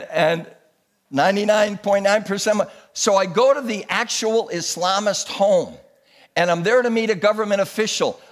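A man in his sixties preaches from a church pulpit with a fairly high voice. He tells his stories in an animated way, his voice climbing and swelling as he exhorts his congregation. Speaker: pastor. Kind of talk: sermon.

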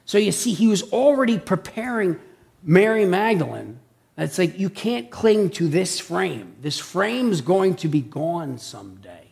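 A man preaches in a high voice that carries a gravelly edge of vocal fry. He keeps the sermon conversational and animated, tossing "okay?" and "right?" to his listeners as he goes. He sounds like he is explaining things to the people in front of him rather than reading a text. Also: a little slow.

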